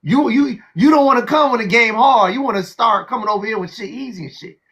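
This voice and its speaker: A man hosting a heated call-in livestream, loud, profane and mocking, often repeating himself. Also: very high voice, fast, slightly rough. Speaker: livestream host.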